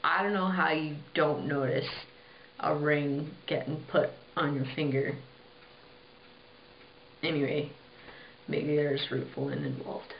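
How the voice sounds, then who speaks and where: A woman's voice: sits low, fairly even intonation, takes it slowly, long pauses. Young woman retelling a fairy tale, chatty, swears a lot, dull lo-fi audio, faint noise. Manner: irreverent, chatty, swears, many fillers. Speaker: storyteller. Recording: roomy, dull lo-fi home recording.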